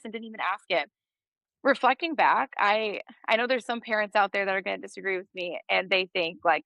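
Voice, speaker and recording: A woman's voice: mid-range voice, fast talker, creaky, fairly bright tone, dry recording. A woman in her thirties, a podcast guest, telling a story in a casual interview and laughing often.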